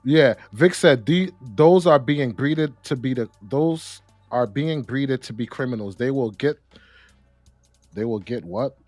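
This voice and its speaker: A young adult man co-hosting a casual discussion, talking in an animated way with slang and repeated words. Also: mid-range voice, unhurried, dry recording, soft background music. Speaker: podcast co-host.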